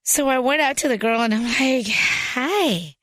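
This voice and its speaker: A woman, telling a story lively as a podcast guest and mixing in phrases. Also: high-pitched, normal speed, dry recording, clean studio sound. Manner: animated storyteller, switches into Spanish phrases. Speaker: podcast guest, business founder. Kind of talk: storytelling in an interview.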